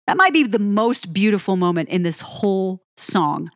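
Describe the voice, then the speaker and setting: A woman giving an admiring, unhurried commentary on a pop ballad. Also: mid-range voice, expressive, dry recording, clean studio sound. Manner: admiring, lingers on phrases, sings lyric snippets. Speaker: music reviewer. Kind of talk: song-by-song music commentary.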